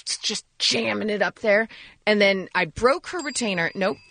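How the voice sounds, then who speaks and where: A woman's voice: medium pitch, moderate pace, vocal fry, fairly bright tone, no echo. A woman co-hosting a morning radio show, telling stories in a playful, self-mocking way. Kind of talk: casual morning radio banter.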